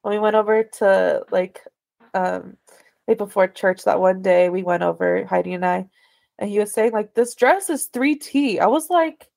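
A young woman co-hosting a podcast in casual chat, talking quickly through stories with lots of filler words. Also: mid-range voice, gravelly, no echo, clean studio sound. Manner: chatty, heavy on fillers, animated retelling. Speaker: podcast co-host.

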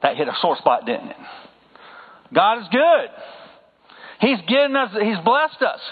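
A high-voiced man with a Southern accent preaches in an easy, conversational way and keeps calling for amens from the pews. His voice comes through thin and phone-like, with a long reverb trailing after it. It sounds like a sanctuary heard over a narrow line. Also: big pitch swings, a little slow, slightly rough. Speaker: pastor. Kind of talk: sermon.

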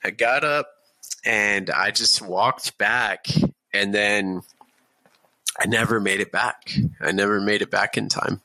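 A man in his thirties tells a story in a slow, unhurried drawl, loose and full of fillers. His voice is low and gravelly. The sound is close and dry, with no room echo. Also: pushed and bright. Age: 30s. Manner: laid-back, swears freely, many fillers. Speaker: podcast guest. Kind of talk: casual storytelling.

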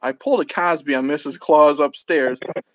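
A harried, foul-mouthed old Santa Claus, as a man reading a story puts him on, bellowing and swearing through a rush. The voice is on the high side and recorded dry and close. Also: moderate pace, no room sound, lightly acted. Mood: irritable. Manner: bellowing, profane.

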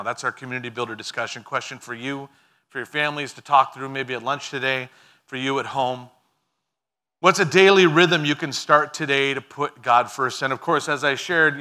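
A man preaching a sermon as pastor, animated and emphatic, laughing at his own asides. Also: mid-range voice.

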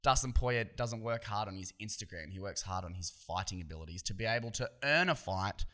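An Australian man holds forth on his own podcast, swearing freely and circling back on himself as he talks. His voice is bright and forceful, with a tense edge. The talk is loose and opinionated, full of restarts. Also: fairly low pitch, expressive, brisk. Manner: profane, opinionated, rambling with restarts. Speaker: podcast host. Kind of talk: casual solo podcast rant.

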